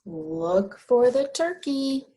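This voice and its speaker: A woman teaching young children, asking questions about farm animals and answering them in a drawn-out, encouraging way. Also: fairly high pitch, sing-song, warm tone. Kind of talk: slow, sing-song teaching of young children.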